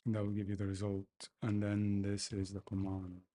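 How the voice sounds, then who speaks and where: A man talking to himself as he codes, complaining loudly, then explaining each step casually. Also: on the low side, completely flat delivery, moderate pace. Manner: exasperated, talks to himself while coding. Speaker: developer livestreaming his coding. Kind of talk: casual coding commentary.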